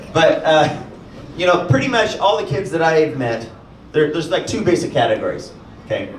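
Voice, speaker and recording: A man performing a stand-up comedy set, telling stories with lots of animation and acting out other people in high voices. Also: animated, normal speed, a crowd in the background. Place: comedy club stage with audience. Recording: echoey club, far-off mic, audience noise.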